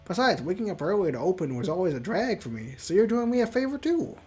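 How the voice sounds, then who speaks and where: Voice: mid-range voice, big pitch swings, fast, dark tone, natural voice. A streamer voicing a kind young male coworker in a video game, using a put-on Scottish accent. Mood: friendly.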